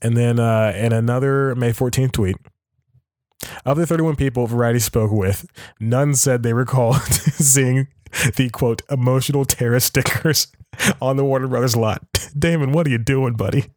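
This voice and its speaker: Hosting a podcast solo, a man reads an article aloud and comments casually, chuckling often and correcting himself as he rambles. His medium-pitched voice is darkish and moderately paced. The studio sound is clean, with no room sound.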